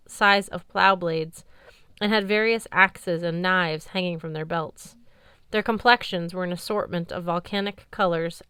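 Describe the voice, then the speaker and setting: A woman reads an audiobook in the first person with a wry storyteller's touch. Her voice is bright and crisp, and the recording is close and dry with no room sound. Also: fairly low pitch, no room sound. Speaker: audiobook narrator.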